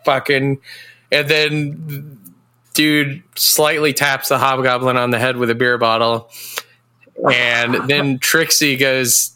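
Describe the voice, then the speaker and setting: A man's voice: mid-range voice, level tone, takes it slowly, pushed and bright, clear, resonant tone. A man in casual chat, chiming in with profane, laughing remarks about a movie. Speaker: podcast co-host.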